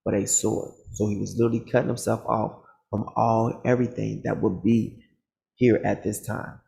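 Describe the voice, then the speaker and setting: Gravelly-voiced man telling a boastful story. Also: fairly low pitch, normal speed. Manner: animated, acts out the other people's lines in the story; boastful, confrontational. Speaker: vlogger. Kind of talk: casual storytelling to camera.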